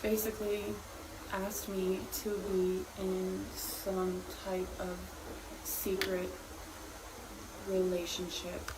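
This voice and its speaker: A woman's voice: mid-range voice, completely flat delivery, slow pace, echoey room. A woman telling a personal story to camera, using fillers and repeating the lines she quotes. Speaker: storyteller in a short video. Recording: loud background noise, played from a clip.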